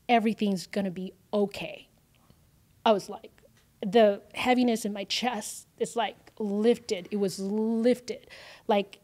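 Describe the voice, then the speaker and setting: A woman, a guest in an interview, telling an emotional personal story with many fillers and acted-out quotes. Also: medium pitch. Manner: animated, lots of fillers, acts out quoted lines.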